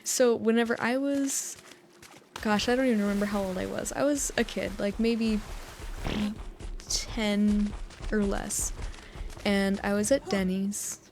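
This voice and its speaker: Soft-spoken young American woman rambling. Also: mid-range voice, fairly even intonation, a little slow, pauses often, slight background noise. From United States. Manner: chatty, meandering storytelling with frequent laughs. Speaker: gaming channel host. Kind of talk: soft-spoken rambling over relaxing gameplay.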